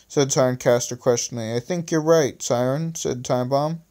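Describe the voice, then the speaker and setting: A man's voice: mid-range voice, fairly even intonation, normal speed, few pauses, warm tone. A man reading his own story aloud, stumbling and restarting often and adding self-mocking asides. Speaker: reader of his own stories. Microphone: phone screen recorder.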